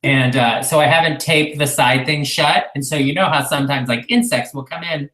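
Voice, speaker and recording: A man co-host talks in a relaxed, mildly wry way during a live chat. His voice is bright and sounds a little roomy. He signs off with the plans for the next show. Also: a little high, normal speed.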